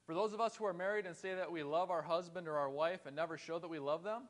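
Earnest preaching man, slightly high voice. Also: fast talker. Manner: earnest, conversational preaching with rhetorical questions. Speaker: pastor. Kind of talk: sermon.

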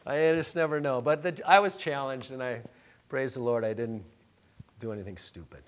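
A man preaching a sermon, telling a personal story in a conversational, joking way, dropping to soft murmurs and rising to loud emphatic lines. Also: mid-range voice, normal speed. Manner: conversational, self-deprecating, jokey asides. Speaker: pastor.

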